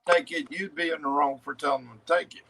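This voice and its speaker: A man's voice: a little high, fairly even intonation, quick pace, crowd noise. A man in casual chat, arguing his point insistently. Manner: argumentative, insistent.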